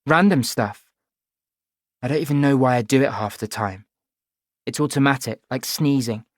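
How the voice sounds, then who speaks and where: A guarded, sharp-tongued teenage girl fires back sarcastic retorts in an audiobook, as a male reader puts her on. Her voice is raised above his own and pushed a little louder. The recording is dry and close. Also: mid-range voice, no echo, lightly acted. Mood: defiant. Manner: defiant, sarcastic, quick retorts. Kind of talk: audiobook reading.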